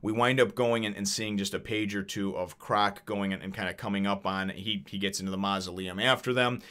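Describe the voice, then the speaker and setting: A man's voice: fairly low pitch, fairly even intonation, brisk, fairly bright tone. A man reviewing a manga chapter in casual, rambling talk, full of fillers, curses and chuckles. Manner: rambling, profane, many fillers and laughs. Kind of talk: casual chat.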